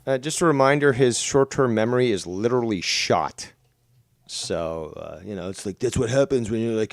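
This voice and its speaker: A man's voice: medium pitch, moderate pace, dry recording, clean studio sound. A man hosting a live stream, giving sarcastic, mocking commentary on clips and reading out chat. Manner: sarcastic, mocking, casual with frequent "dude". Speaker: drama commentary streamer host.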